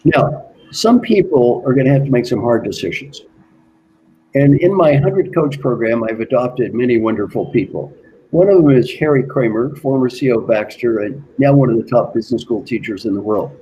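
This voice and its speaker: A man working as an executive coach, giving an earnest motivational talk and slowly repeating his key questions. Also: medium pitch, lively intonation, warm tone, dull audio, a little hiss or hum.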